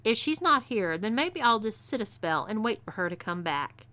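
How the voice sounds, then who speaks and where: Woman doing a rough Texan bounty hunter man. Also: medium pitch, sing-song, normal speed, pushed and bright. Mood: menacing. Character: rough male bounty hunter, menacing and crude.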